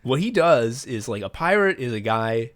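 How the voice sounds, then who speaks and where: A podcast co-host, a man with a mid-range voice, retells a story in loose, casual chat. He talks with eager swearing and heavy feeling, often pushing his voice up when excited. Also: medium pitch, moderate pace.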